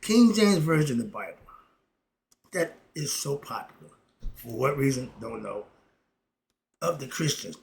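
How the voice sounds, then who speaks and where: A man's voice: medium pitch, sing-song, measured pace, gravelly, long pauses. Fiery, emphatic man ranting solo. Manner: fiery and emphatic, swings from loud outbursts to muttered asides, laughs between points. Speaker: commentary vlogger. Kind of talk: unscripted opinion monologue.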